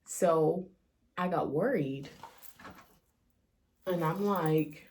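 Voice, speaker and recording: A woman's voice: low-pitched, drawn-out words, darkish tone. A woman speaking emotionally to her vlog audience, near tears as she confides. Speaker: vlogger. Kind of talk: personal vlog confession.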